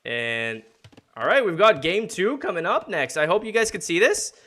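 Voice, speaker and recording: A man's voice: high voice, sing-song, normal speed, bright, forceful tone. A man streaming from home, casting a strategy-game match with loose, jokey commentary that rambles and restarts. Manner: rambling, jokey, laughs often. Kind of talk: casual live game commentary.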